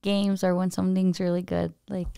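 A woman's voice: on the low side, little pitch movement, normal speed, vocal fry, dark tone, clean tone, no room sound. A young woman co-hosting a podcast in casual chat, playful and teasing, laughing often. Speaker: podcast co-host.

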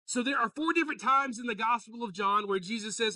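A pastor preaching a sermon, joking with the congregation and calling out to them. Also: male voice, very high-pitched, fairly quick, no room sound, far from the mic. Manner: joking, animated, calls out to the congregation.

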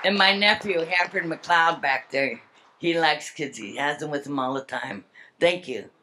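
A woman's voice: low voice, measured pace, noisy background. An older woman giving an earnest, heartfelt public speech at a summit. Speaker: speaker at a salmon summit.

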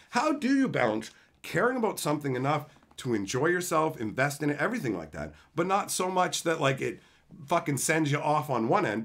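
A man's voice: on the high side, breathy edge. A man streaming live, ranting in an exasperated, profane way about entitled viewers. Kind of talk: livestream rant.

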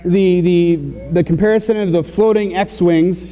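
A fairly high-voiced man preaching in a warm, mellow tone, talking loosely and stumbling over his words with plenty of "uh"s. His voice rings out in a church sanctuary with a long reverb tail. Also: steady tone, clean tone. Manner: conversational, halting with many fillers and restarts. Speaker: pastor. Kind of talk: sermon.

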